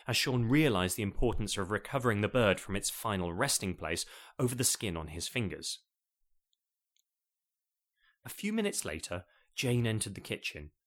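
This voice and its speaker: A man's voice: on the low side, fairly bright tone. A man narrating a comic story in a wry, playful way.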